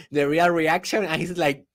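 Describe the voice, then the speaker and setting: Young Spanish-native male host, upbeat motivational storyteller, higher register. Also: no echo, studio quality. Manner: animated storytelling with laughter and non-native grammar. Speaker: podcast host. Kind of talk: casual motivational monologue.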